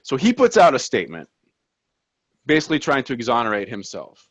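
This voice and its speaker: A man's voice: mid-range voice, huge pitch swings, a little fast, breathy edge, dry recording, muffled recording. A man co-hosting a soccer podcast, talking in casual chat and making his points with emphasis. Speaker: podcast co-host.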